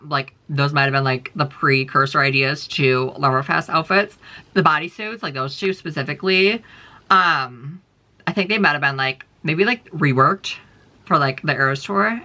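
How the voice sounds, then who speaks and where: Fast, sharp-voiced ranting man. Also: fairly high pitch. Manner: rambling, profane, filler-heavy, emphatic. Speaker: vlogger. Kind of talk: casual rant to camera.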